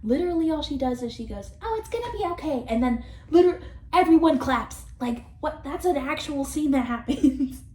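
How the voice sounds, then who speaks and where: A woman's voice: sits high, moderate pace, few pauses. A young woman vlogger rambling in casual commentary, swearing, mocking and laughing often, recorded on a camera mic in a room. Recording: echoey room with faint noise.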